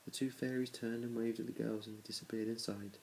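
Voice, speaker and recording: With little pitch movement and a brisk pace, a man reads a storybook aloud to his children in a lowish, darkish voice with vocal fry. He reads plainly, restarting in small places and keeping the characters much the same. Poor audio with slight background noise.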